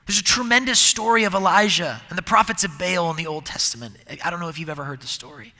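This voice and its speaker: A middle-aged man preaching a sermon, with a conversational, animated manner and many restarts. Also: high voice, fast talker. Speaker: pastor. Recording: long hall reverb.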